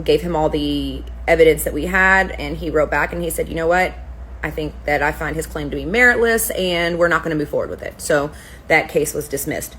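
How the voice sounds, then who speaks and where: A woman's voice: fairly low pitch, fairly bright tone, slight background noise, low-quality recording. A woman who runs a spa, telling a story to camera in a casual, profane rant. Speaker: spa owner, permanent makeup artist.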